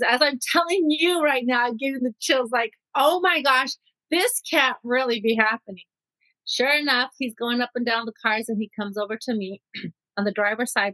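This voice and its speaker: Middle-aged woman from Mexico, interview guest, lively first-person storyteller, slightly high voice, dry close sound. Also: dry recording, rough recording. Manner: vivid storyteller who acts out quotes.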